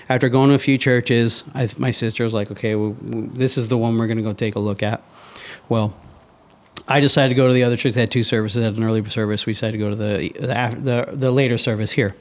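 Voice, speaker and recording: A man's voice: mid-range voice, quick pace. Guy chatting in an interview, plain mid voice, telling a story and quoting himself with big jumps. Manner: animated, acts out his own past thoughts in quotes. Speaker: interview guest. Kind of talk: casual storytelling.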